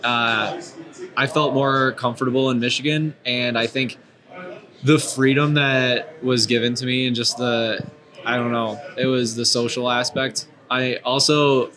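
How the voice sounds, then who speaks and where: Man, podcast host, relaxed understated talk, mid-pitched voice, crowd noise behind. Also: unhurried. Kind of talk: casual podcast chat.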